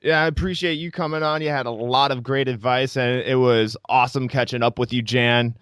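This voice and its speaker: A man's voice: medium pitch, fairly even intonation, fairly quick, fairly bright tone, clear, resonant tone, no room sound, clean studio sound. A man hosting a podcast, chatting in an easygoing, friendly way and wrapping up the episode. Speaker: podcast host. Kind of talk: casual podcast interview.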